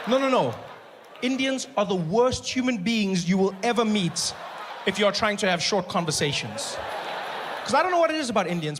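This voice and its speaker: A man with a South African accent doing animated, laughing stand-up storytelling. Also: high-pitched, big-room sound. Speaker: comedian. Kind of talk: stand-up comedy. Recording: noisy live stage recording.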